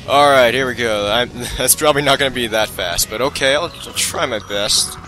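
Soft music plays under this rough recording of a man doing live let's play commentary, barely pausing as he talks to himself. He is excitable and quick to laugh at his own mistakes, speaking at a normal speed in a medium-pitched voice.

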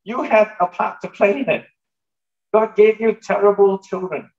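Conversational pastor preaching, slightly high voice. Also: male voice, moderate pace, darkish tone, dull audio. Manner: conversational preaching with asides to the congregation. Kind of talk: sermon. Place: church hall.

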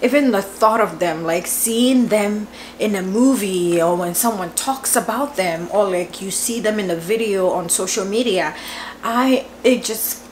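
A woman in her twenties, a vlogger telling a story at home in a lively, chatty way, laughing often and filling her talk with "like". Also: medium pitch, unhurried, slight background noise. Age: 20s. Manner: animated, laughing, lots of "like" fillers. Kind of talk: casual storytelling vlog. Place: home, indoors.

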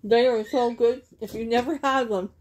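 A woman's voice: fairly high pitch, steady tone, moderate pace, a little mellow, slight background noise. A Canadian woman chatting casually as she unpacks a gift package, gushing and laughing often. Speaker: vlogger opening a gift package. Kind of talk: casual unboxing chat. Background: crinkling bags and packaging.

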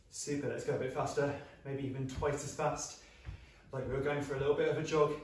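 A young British man leads a lively singing lesson for children. His voice sits a little high and bright with encouragement, coaxing playful sound effects. It was recorded in a small flat with heavy room echo, the mic set some way back. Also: moderate pace. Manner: upbeat, encouraging, leads vocal warm-ups and sound effects. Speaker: singing assembly leader. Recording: echoey room, mic at a distance.

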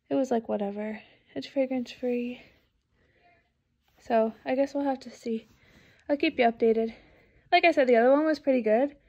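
A woman's voice: high voice, darkish tone, muffled recording. A woman in her twenties chatting casually in a vlog, gushing and breathless, with lots of fillers. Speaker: vlogger.

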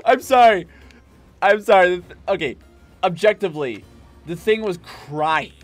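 A man's voice: high voice, normal speed, soft background music. A man streaming a video game, giving casual commentary full of swearing and emotional outbursts.

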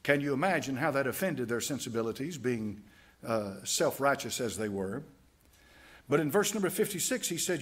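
A man with a mid-range, slightly rough voice preaches a Bible-teaching sermon as a pastor, reading scripture aloud in King James wording with emphatic delivery. His intonation is lively and his pace moderate. He speaks in a church sanctuary during a Sunday school class.

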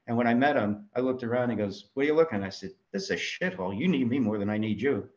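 A man from New York, a filmmaker, telling lively anecdotes in an interview and acting out the voices he quotes. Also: mid-range voice, fast. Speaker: guest filmmaker. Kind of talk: storytelling interview answers. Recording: dull lo-fi audio.

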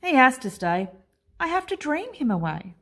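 A woman voicing a small young male monster who boasts loudly but is secretly scared of children. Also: big pitch swings, normal speed, full character voice. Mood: curious. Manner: proud and blustering, then squeaky when scared.

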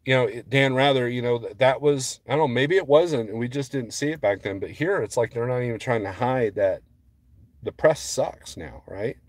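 A man's voice: medium pitch, moderate pace, no echo. A man vlogging as a trucker, rambling casually to his viewers and getting worked up as he talks. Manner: rambling, restarts often, gets heated.

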